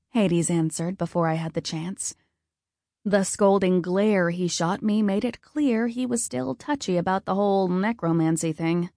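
A woman narrating a first-person fantasy story in a calm, even storytelling manner. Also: mid-range voice, no room sound, clean studio sound. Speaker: audiobook narrator.

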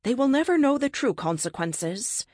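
A woman voicing a calm, cryptic ancient cosmic being in a science fiction story, speaking in terse, measured pronouncements. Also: a little high, no echo, studio quality, pitched above the performer's own voice. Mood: explaining. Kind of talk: audiobook character reading.

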